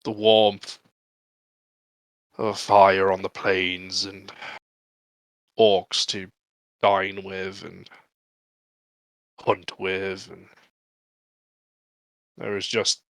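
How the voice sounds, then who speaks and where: A man playing an earnest, proud orc in a tabletop game, speaking haltingly and laughing often. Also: deep voice, level tone, no room sound, rough recording. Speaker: player. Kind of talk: in-character tabletop role-play.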